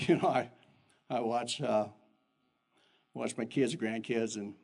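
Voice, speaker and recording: An older man who is a pastor, giving an animated sermon full of personal stories that jump in pitch. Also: takes it slowly, creaky. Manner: animated storytelling with sudden pitch jumps and chuckles.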